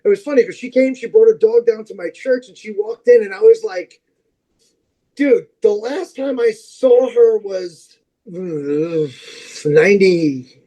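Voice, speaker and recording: On a podcast, a male guest tells long, animated anecdotes in casual chat, full of fillers and restarts. His voice sits high and his pace is unhurried, though the audio is dull.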